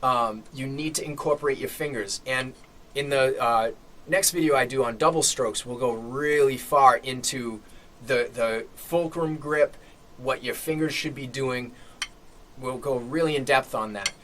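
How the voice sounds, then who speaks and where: A man explains a drum technique in a bright, forceful voice, walking through each step and pausing to check in with "okay?". A faint hiss of room noise sits under his voice. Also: mid-range voice. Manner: relaxed explaining, frequent "okay?" check-ins. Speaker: drum teacher. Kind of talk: instructional drum lesson.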